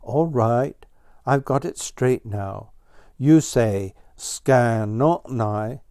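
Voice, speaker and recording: A man voicing a brash, teasing male blue jay in a storybook, talking loud and cheeky. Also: medium pitch, extremely slow, dry recording, studio quality. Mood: puzzled.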